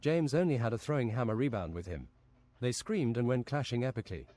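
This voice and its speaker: Deadpan man reading a fantasy tale. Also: mid-range voice, brisk. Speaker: streamer reading his own story. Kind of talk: reading an absurd fantasy story aloud.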